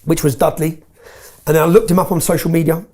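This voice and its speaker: A man's voice: fairly high pitch, flat delivery, brisk, mellow. A man tells his story in an interview, bluntly and with swearing, often checking in with "yeah?".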